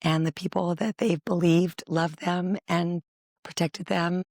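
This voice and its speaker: Woman therapist, documentary interview; earnest, emphatic list-builder, gravelly fry, dry close sound. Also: on the low side, little pitch movement, a little slow, darkish tone, no room sound. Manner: earnest, emphatic, builds points in repeated lists. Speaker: family therapist and advocate.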